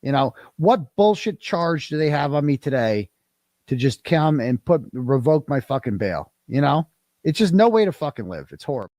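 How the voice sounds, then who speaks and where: A man's voice: a little high, very animated, normal speed, a little mellow, no echo. A man anxiously recounting something in casual talk and swearing often.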